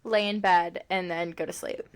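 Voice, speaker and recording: A woman's voice: lowish voice, steady tone, normal speed. Chatty young woman co-hosting a podcast. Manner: chatty, rambling, laughs often, many fillers. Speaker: podcast co-host. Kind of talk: casual chat.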